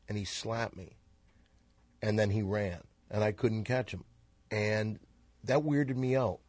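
Low raspy man, gravelly, dry close sound, blunt profane podcast banter. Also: steady tone, takes it slowly, pauses often, darkish tone, no echo. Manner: blunt, profane, mock-indignant. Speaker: podcast co-host. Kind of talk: casual comedic banter.

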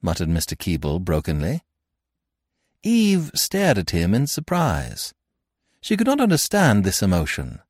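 Animated male storyteller, dry close sound. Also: deep voice, a little slow, no room sound. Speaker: narrator. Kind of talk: audiobook narration.

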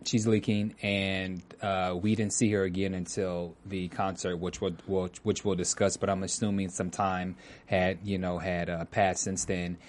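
Low-voiced male host, halting chat. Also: level tone. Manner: loose, halting, with many fillers. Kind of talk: casual chat. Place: studio.

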